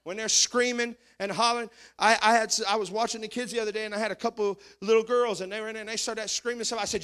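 A man with a high, bright voice preaches a fervent church sermon. He drives each point home and keeps calling out to the congregation for a response. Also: steady tone, fast talker, few pauses, clean tone. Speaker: pastor.

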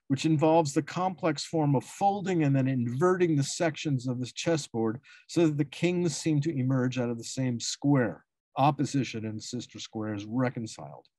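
A man's voice: medium pitch, dark tone, dry recording. A man giving a symposium talk, reading a prepared academic paper and often stumbling and correcting himself on long words. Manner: reads dense prose with frequent self-corrections and restarts. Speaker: academic speaker.

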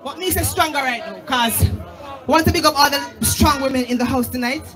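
A high-pitched Jamaican woman working a dancehall stage, calling out shout-outs with big energy. Her voice rides over heavy hip hop music and a loud, cheering crowd at a live club event. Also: moderate pace. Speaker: dancehall artist.

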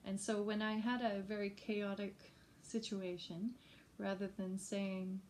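With a little hiss or hum behind her, this woman shares classroom ideas with teachers and parents in a gentle, informal, workshop-like manner, occasionally singing brief examples. She teaches early childhood music and speaks slowly and gently in a mellow, soft-edged, medium-pitched voice with a level tone.

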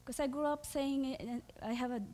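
A woman with a Filipino accent preaches in a loose, conversational way. Her voice sits a little high, and she laughs easily and often, with plenty of fillers and restarts between her thoughts. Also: fairly even intonation, a little fast, mellow. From Philippines. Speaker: church speaker. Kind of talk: sermon.

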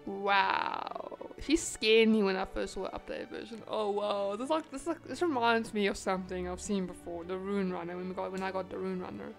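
A woman who is sick, chatting excitedly and reading game text aloud as she plays. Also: medium pitch, moderate pace, creaky, hardly any pauses, faint music behind. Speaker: gaming channel host. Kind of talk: casual gameplay commentary.

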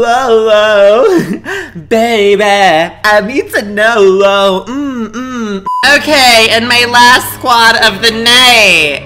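A woman's voice: medium pitch, sharp tone. A young adult woman giving campy, dramatic gameplay commentary as a streamer, sassy and given to sudden shrieks. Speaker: gaming streamer. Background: game music.

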